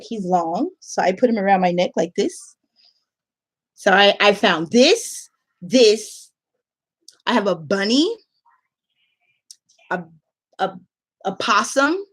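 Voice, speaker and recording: A woman English teacher giving casual tips in a playful, animated way, laughing often. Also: mid-range voice.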